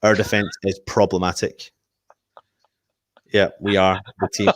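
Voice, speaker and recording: A man's voice: deep voice, unhurried, dry recording. A man hosting a casual fan live stream, reading viewer comments and making match predictions. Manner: animated, reads out viewer comments.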